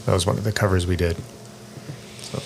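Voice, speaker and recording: A man co-hosting a casual music roundtable, telling rambling stories and getting animated when he quotes himself. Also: deep voice, a little fast, gravelly, slight background noise. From Canada. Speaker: roundtable co-host. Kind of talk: casual chat.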